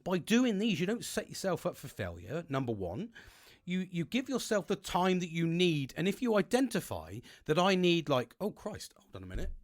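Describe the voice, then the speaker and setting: Man, fairly high voice, lively swings in pitch, rambling monologue full of swearing. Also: moderate pace. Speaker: self-help vlogger. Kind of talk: casual monologue to camera. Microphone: plug-in mic.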